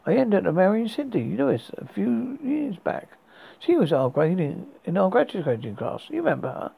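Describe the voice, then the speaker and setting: A man's voice: high voice, big pitch swings, normal speed, gravelly, husky, narrow, tinny audio, exaggerated voice. A man voicing a friendly, eager middle-aged man who is meeting an old classmate again, read in a horror story.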